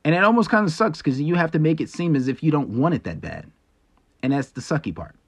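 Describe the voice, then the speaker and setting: A man's voice: on the high side, lively intonation, quick pace. A man hosting a solo podcast, talking bluntly and with profanity as he lectures his listeners. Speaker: podcast host. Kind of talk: casual solo podcast monologue.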